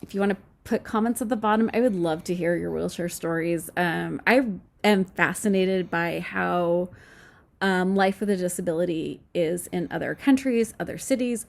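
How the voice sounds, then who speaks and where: Snarky woman with a gravelly edge. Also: fairly low pitch, normal speed. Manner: snarky, candid, laughs often. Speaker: podcast host. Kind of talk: casual storytelling monologue.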